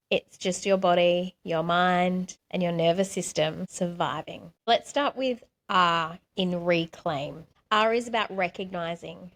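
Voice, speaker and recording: A middle-aged woman life coach talking gently to camera, guiding listeners with soft, slow, reassuring words. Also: mid-range voice. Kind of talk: gentle self-help talk to camera.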